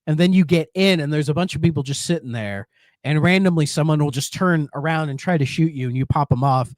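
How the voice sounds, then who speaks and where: A man's voice: on the high side, fairly quick, dry recording. A man co-hosting a podcast in a casual chat, telling stories with lots of laughter. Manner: laughs often, animated storytelling. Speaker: podcast co-host.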